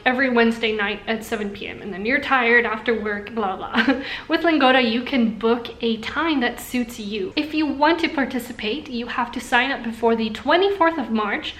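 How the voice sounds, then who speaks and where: Upbeat young woman vlogging, higher voice. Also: a bit bright, echoey room. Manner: upbeat, chatty, laughs often. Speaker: language-learning YouTuber. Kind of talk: casual talk to camera. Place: room indoors in Singapore during a thunderstorm.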